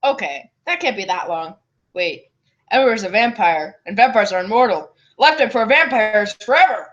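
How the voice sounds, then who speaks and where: Casting note: a playful woman reading silly fanfiction aloud at a middle pitch, on a dull lo-fi recording. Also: animated, a little fast. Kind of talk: comedic read-aloud.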